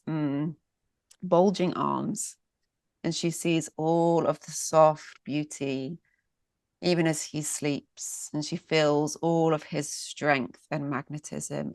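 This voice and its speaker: A woman storyteller telling a myth in a dramatic, unhurried way, lingering with pauses on vivid sensual detail. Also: low-pitched, dry recording, studio quality.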